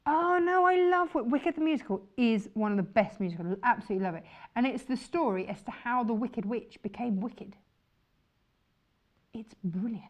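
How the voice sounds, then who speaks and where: A woman's voice: on the high side, lively intonation, brisk, few pauses. Gushing woman presenting sewing fabrics. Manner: enthusiastic, gushing, chatty. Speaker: shopping channel presenter. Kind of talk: chatty live sales presentation.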